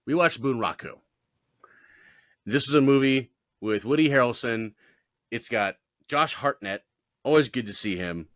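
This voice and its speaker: A man's voice: mid-range voice, expressive, unhurried, pauses often, fairly bright tone, no room sound, studio quality. A man hosting a podcast, laid-back, with short reactions, leading the talk on to the next topic. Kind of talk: casual podcast chat.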